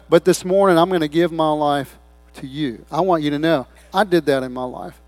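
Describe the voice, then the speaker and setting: A pastor preaching a sermon, swinging between loud appeals and hushed, quiet asides, acting out short quoted voices. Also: male voice, a little high, moderate pace, no room sound. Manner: acts out people's voices in short quoted bits.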